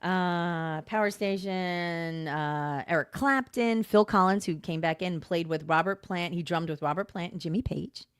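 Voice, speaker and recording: A woman in her fifties co-hosting a podcast in casual chat, animated and swearing freely. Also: on the low side, normal speed, hardly any pauses, clear, resonant tone, no room sound, clean studio sound. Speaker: podcast co-host.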